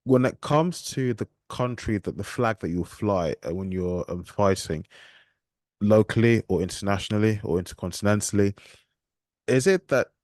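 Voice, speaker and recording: Low-voiced man hosting a podcast. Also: normal speed, a little mellow, no room sound, clean studio sound. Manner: hesitant, many ums and restarts, polite. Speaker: podcast host. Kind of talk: casual podcast interview.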